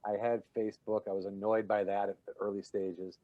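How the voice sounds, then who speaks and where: A man with a fairly low voice, a comedian guest telling stories on a podcast in easy conversation. He acts out other people's lines and laughs as he goes, and his sound is close and dry with no room echo. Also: brisk, lo-fi sound. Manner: animated storyteller, acts out quoted lines, laughs while talking. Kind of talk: casual interview chat, storytelling.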